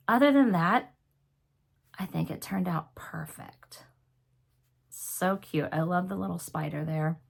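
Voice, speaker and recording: Hosting a cross-stitch video, a woman with a lowish, creaky voice chats casually while showing her work. She has a cough and a sore throat, apologizes often, and gushes over her finishes.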